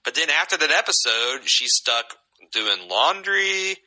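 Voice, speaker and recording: A man's voice: a little high, big pitch swings, a little slow, sharp tone, poor audio. A man co-hosting a podcast in casual chat, giving strong opinions and reading out listener comments. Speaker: podcast co-host.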